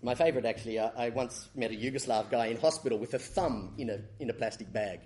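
A man's voice: mid-range voice, fast, a little mellow, a little hiss or hum. A middle-aged man giving a law lecture, with dry wit, often correcting himself and chuckling at his own stories. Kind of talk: academic lecture with anecdotes.

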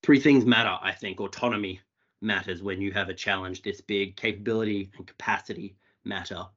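A man with an Australian accent speaks plainly and quickly, with dry humour. His voice sits fairly low. The sound is dull and lo-fi, like video call audio. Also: steady tone, fairly bright tone. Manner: plain-spoken, quick and wry. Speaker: conference speaker. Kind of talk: talk to a video call audience.

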